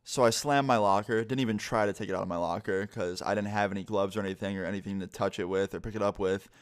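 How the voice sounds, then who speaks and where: Young guy vlogger, lowish voice, chill swearing story time, says like a lot. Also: fairly even intonation, fast, clear, resonant tone. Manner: casual, profane, heavy on "like".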